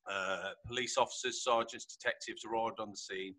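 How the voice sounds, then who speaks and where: A man hosting a podcast in a chatty, jokey way and laughing loudly. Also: lowish voice, fairly even intonation, moderate pace, no echo. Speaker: podcast host. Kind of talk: casual podcast chat.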